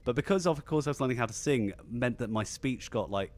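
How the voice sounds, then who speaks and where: A man's voice: medium pitch, brisk. A man with a slightly posh English accent hosting a casual live stream, rambling and restarting his sentences. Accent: slightly posh southern English. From England. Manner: animated and rambling, many restarts. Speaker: podcast host.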